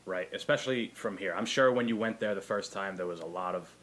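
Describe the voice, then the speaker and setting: An easygoing man hosting a podcast, tossing questions to his guest in casual conversation. His voice sits low in pitch but carries a bright, forceful tone. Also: fast. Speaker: podcast host.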